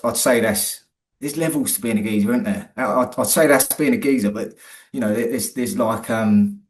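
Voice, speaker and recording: Brief: young bloke, lowish voice, easygoing guest who stammers and restarts. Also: male voice. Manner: stammering restarts, chatty and self-deprecating. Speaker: interview guest. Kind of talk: casual interview chat.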